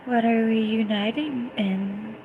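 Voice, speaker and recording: A woman's voice: on the high side, steady tone, slow pace, narrow, tinny audio, noisy background. A woman hosting a live stream, chatting casually, reacting to viewer comments and often laughing. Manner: chatty, giggly, reacting loudly to chat. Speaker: livestream host and DJ.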